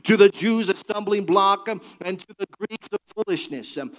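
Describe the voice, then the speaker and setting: A man preaching a sermon, building to fervent, half-sung cries, then dropping to a low, earnest delivery. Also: moderate pace, rough recording. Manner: preaching with rising, shouted fervor. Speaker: pastor.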